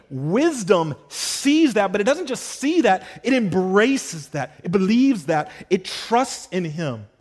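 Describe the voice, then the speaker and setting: Emphatic preacher with lively pitch. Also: male voice. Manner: emphatic, repetitive, rhetorical questions, swings between loud and hushed. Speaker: pastor. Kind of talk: expository sermon. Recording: long reverb of a large hall.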